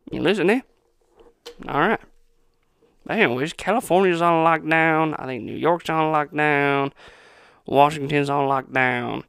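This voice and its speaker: A man's voice: a little high, creaky, a bit bright, no echo, clean studio sound. A man in his twenties ranting on his own podcast, rambling, sarcastic and full of profanity. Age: 20s. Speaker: podcast host. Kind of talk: profane solo podcast rant.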